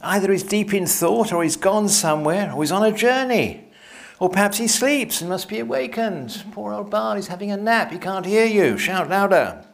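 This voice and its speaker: A man's voice: sits high, lively intonation, moderate pace, vocal fry, voice pushed up. A man reading aloud, voicing a bold male prophet who taunts his rivals with sing-song sarcasm. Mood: mocking.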